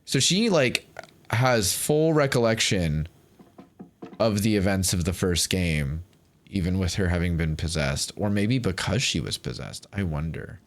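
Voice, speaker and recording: A male streamer chatting casually while he plays, wry and quick to swear. His voice sits on the low side but swings widely in pitch. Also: lively intonation. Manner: wry, profane, swearing freely. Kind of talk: casual gameplay commentary.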